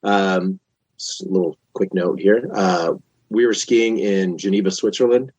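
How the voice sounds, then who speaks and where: Chatty husky man telling a story. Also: low-pitched, measured pace, dry recording. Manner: animated, chatty, many restarts. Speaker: podcast guest. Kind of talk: casual storytelling.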